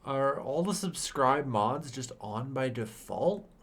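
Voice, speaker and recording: A man's voice: medium pitch, expressive, slow. Young male streamer, casual and profane, grumbles and rants while playing; faint music behind. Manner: exasperated, swearing, rants in sudden loud bursts. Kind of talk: casual game stream commentary.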